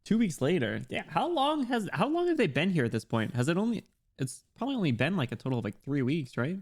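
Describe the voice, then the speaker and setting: A man's voice: on the high side, wildly swooping pitch, fast. A young man chatting casually with his chat while streaming a game, laughing often and reading messages aloud.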